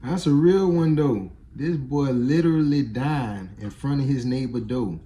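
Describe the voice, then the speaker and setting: A man commenting on a clip in casual slang, loud and emphatic. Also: mid-range voice, measured pace.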